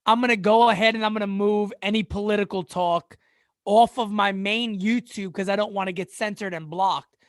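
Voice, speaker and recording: A man's voice: sits high, fairly even intonation, moderate pace, no echo, clean studio sound. A man hosting a casual sports live-stream chat, joking, laughing often and stammering through repeated words. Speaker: sports channel host.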